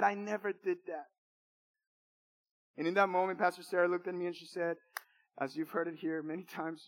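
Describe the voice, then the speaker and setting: High-voiced man preaching with emphatic repetition. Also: little pitch movement, fairly quick, pauses often, a bit bright. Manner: emphatic and repetitive, with emotional swings. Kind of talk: sermon with personal testimony.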